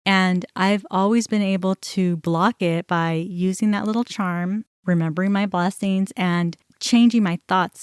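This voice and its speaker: Candid lower-voiced woman podcaster. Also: smooth, dry recording, studio quality. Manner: candid, conversational, many "you know" and "like" fillers. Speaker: podcast host. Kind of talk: personal storytelling monologue.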